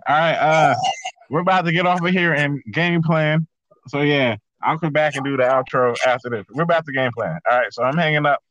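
A man co-hosting a casual podcast, excitable and often repeating himself. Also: a little high, brisk, no room sound, dull audio. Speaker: podcast co-host.

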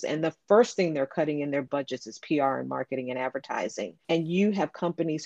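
Earnest low-voiced woman telling her story. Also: dry recording, lo-fi sound. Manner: earnest, animated storytelling with quoted dialogue. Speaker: podcast guest, business owner. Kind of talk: reflective storytelling.

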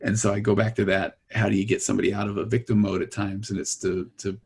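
A husky, fairly low-voiced middle-aged man talks casually as a therapist. He tells stories from his work and slips into his clients' voices as he goes. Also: level tone, fast, a little mellow. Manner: storytelling, acting out clients' voices. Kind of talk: casual podcast conversation.

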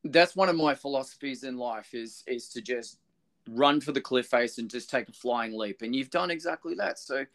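A man's voice: medium pitch, normal speed, a bit bright, dry recording. Effusive male interviewer, mid voice. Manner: enthusiastic, effusive, says man a lot. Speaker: interviewer host. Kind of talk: casual interview chat.

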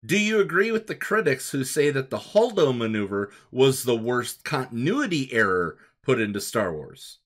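A man hosting a casual podcast, briskly reading out listener questions and moving the chat along. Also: medium pitch, sing-song, a bit bright. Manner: brisk, moves the show along. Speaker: podcast host.

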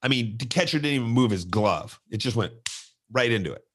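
A man's voice: mid-range voice, lively intonation, a little fast, a bit bright, husky. A middle-aged man, co-hosting a casual podcast and animatedly telling a youth baseball story, acting out the voices of kids and coaches.

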